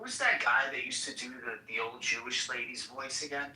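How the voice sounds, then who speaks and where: Excitable man laughing on a podcast. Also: mid-range voice, fairly quick. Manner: loud laughing, excitable, crude. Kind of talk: casual podcast chat. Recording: echoey, distant mic with music behind.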